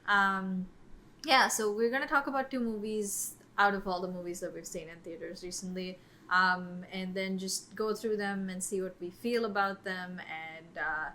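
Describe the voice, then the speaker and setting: A woman's voice: medium pitch, fairly even intonation, normal speed, pushed and bright, a little hiss or hum. A woman co-hosting a podcast, chatting casually about films, with lots of "um" and "like". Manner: chatty, many fillers like "um" and "like". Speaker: podcast co-host. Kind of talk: casual film discussion.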